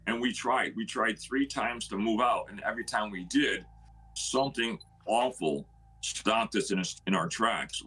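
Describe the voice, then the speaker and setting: Middle-aged male homeowner, raspy low voice, forceful storyteller. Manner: animated, retells others' words with "he goes". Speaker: homeowner telling his story. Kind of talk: casual storytelling.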